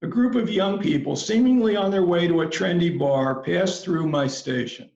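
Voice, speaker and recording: A man giving a commencement address, telling a story in a slow, measured, reflective way. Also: on the high side, creaky, a little mellow. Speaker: commencement speaker. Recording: roomy, slightly dull recording.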